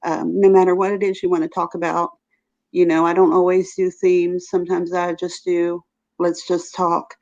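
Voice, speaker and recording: A woman's voice: fairly low pitch, flat delivery, moderate pace, a little mellow. A woman with a Southern US accent hosting a casual live stream, chatty and laughing often. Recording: dull lo-fi stream audio.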